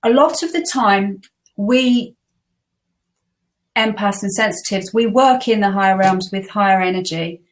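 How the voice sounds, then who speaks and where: A woman's voice: mid-range voice, a little slow, slight background noise. A woman co-hosting a casual spiritual chat, earnest and reflective. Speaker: co-host.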